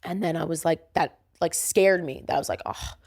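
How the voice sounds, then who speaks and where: A young woman talks through her own story on a solo podcast. She is chatty and animated, and she jumps high in pitch whenever she acts out what other people said. Her voice sits close to the mic in a dry room with no echo. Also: normal speed, vocal fry. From Staten Island, New York. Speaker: podcast host. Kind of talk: casual solo podcast monologue.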